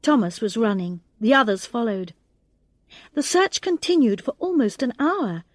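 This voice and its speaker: A woman reading a graded English storybook aloud in a slow, clear narration, voicing the characters' lines expressively. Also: a little high, big pitch swings, no room sound. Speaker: audiobook reader.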